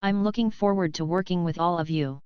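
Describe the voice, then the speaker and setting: A woman voicing a confident woman police chief giving a steady, warm speech in a story reading. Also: fairly low pitch, fairly quick, clean tone, dry recording, lo-fi sound, lightly acted. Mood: composed.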